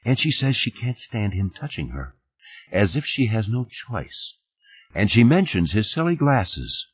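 A man reading an audiobook, voicing a sharp, persistent woman lawyer who questions with dry irony, on a dull lo-fi cassette recording. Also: lowish voice, sing-song, unhurried, breathy edge, pitched above the performer's own voice, full character voice. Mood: probing. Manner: questioning, dryly ironic.

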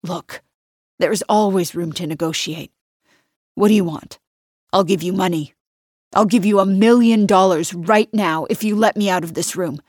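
A woman's voice: on the low side, moderate pace, a little mellow, no echo, studio quality, close to an everyday voice. Audiobook: woman voicing a captive man, growling threats that crack into pleading; strained altered timbre. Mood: desperate pleading. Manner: hissing, growling, then pleading desperately. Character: angry trapped man, threatening then begging.

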